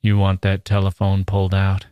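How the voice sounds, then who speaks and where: A man reading aloud voices a slow, vacant young man. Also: deep voice, monotone, clear, resonant tone, dry recording, highs cut off, lightly acted. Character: dull-witted young man sidekick.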